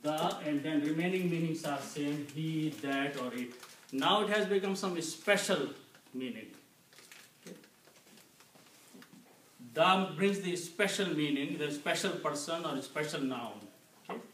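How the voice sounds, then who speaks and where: A man teaching Quranic Arabic vocabulary, explaining each word slowly and patiently, often checking in with "Okay?". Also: fairly high pitch, fairly bright tone. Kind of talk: slow explanatory lesson. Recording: echoey room, mic at a distance, faint noise.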